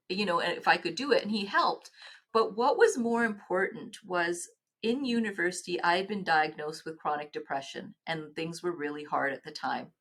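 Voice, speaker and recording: A middle-aged woman, telling personal stories as a podcast guest in an earnest, halting way with many restarts. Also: on the low side, fairly bright tone. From Canada. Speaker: guest, nonprofit executive. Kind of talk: podcast interview storytelling.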